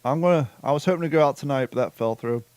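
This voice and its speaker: Animated American podcast host, slightly high. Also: male voice, rapid-fire, no echo. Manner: animated, swearing, laughs while telling stories. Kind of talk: casual podcast chat.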